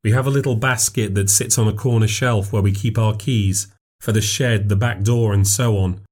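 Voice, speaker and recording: Man narrating a ghost story, low voice. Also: slightly rough. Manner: measured, steady storytelling.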